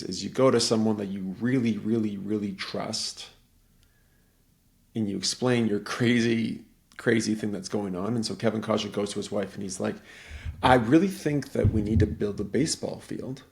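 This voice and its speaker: A man's voice: fairly low pitch, vocal fry. A middle-aged man in casual conversation, telling a rambling story and acting out the voices of the people in it.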